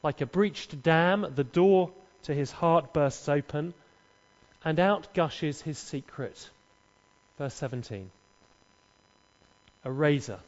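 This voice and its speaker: A man's voice: on the high side, takes it slowly, pauses often. A man preaching, telling a scripture story dramatically with humorous asides, in an echoey church hall. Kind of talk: sermon with acted dialogue. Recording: echoey, dull hall recording.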